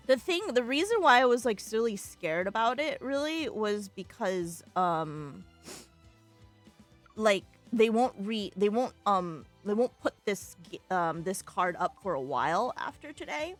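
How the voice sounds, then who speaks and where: A young woman streaming a game from home on a desk mic, chatting casually in an excitable, emotional way and laughing often. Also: a little high, measured pace, soft background music.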